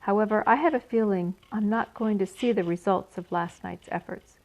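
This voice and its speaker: Storybook spider read by a woman: soft, subdued, tired, gentle, mid-pitched, a bit gravelly. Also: moderate pace, close to an everyday voice, rough recording. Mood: weary. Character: gentle aging female spider, weary and sad.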